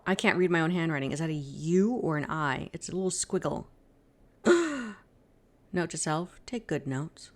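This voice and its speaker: Chatty woman with a lively, lowish voice. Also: normal speed. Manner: chatty, self-mocking, bursts into giggles. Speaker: game streamer. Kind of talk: casual let's-play commentary.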